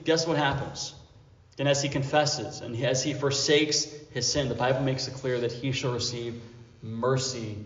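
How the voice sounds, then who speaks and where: A male pastor delivers an earnest sermon, circling back with repeated words and frequent "all right"s. His voice rings through a large church with a long, roomy reverb. The recording is dull and lo-fi. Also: medium pitch. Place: church sanctuary.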